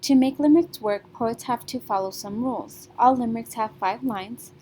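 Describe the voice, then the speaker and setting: A woman's voice: fairly high pitch, moderate pace, dark tone, slight background noise. A young woman teacher giving a recorded reading lesson to her class, in a patient, sing-song classroom manner with frequent check-ins.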